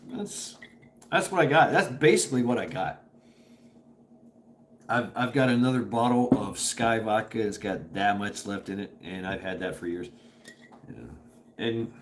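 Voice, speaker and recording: A man livestreaming casually from home talks in a medium-pitched, expressive voice at a moderate pace, leaving long pauses. He rambles, laughs often and swears freely. The camera sits propped on a table indoors, and there's a little hiss or hum.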